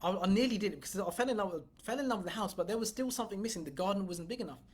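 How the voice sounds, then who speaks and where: A woman's voice: medium pitch, lively intonation, very fast, breathy edge. A woman business coach giving a motivational livestream talk, blunt and emphatic, swearing freely and speaking straight to her viewers. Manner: blunt and profane, emphatic, addresses viewers directly.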